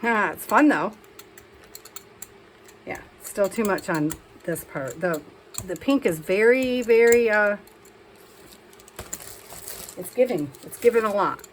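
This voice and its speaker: A woman's voice: mid-range voice, lively intonation, slow pace, pauses often, a little hiss or hum, rough recording. Chatty woman crafting and talking to herself. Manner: chatty, self-talking while working, scolds herself. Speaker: craft vlogger. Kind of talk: casual crafting chat.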